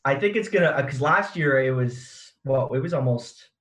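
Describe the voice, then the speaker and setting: A man's voice: mid-range voice, lively intonation, moderate pace, a bit bright. A man on a casual discussion panel, speaking hesitantly and repeating words as he thinks.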